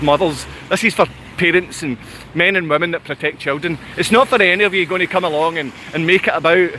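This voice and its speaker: A Scottish-accented channel host rants live at his viewers, intense and combative, hammering the same points again and again. His voice is high, bright and forceful, with a slight hiss or hum underneath.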